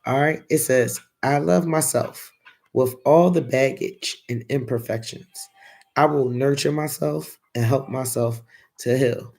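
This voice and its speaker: Gravelly-voiced Philly man reading tarot. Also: medium pitch, measured pace, darkish tone. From Philadelphia. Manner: chatty, reads affirmation cards aloud and talks to viewers in the chat. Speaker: tarot reader. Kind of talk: casual live-stream tarot reading.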